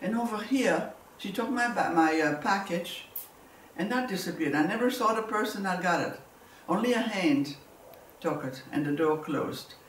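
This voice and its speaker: A woman's voice: lowish voice, animated, moderate pace, slight background noise. A woman, giving a personal testimony as a war survivor and telling it vividly with repeated words. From Belgium. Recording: roomy, distant mic, faint ambience.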